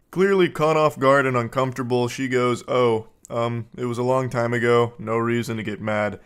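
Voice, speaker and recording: Host, male, 30s, dry deadpan delivery, sarcastic comedic commentary, mid pitch. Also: moderate pace, smooth. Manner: deadpan, sarcastic, with mocking put-on voices for quotes. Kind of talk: comedic commentary reading text messages.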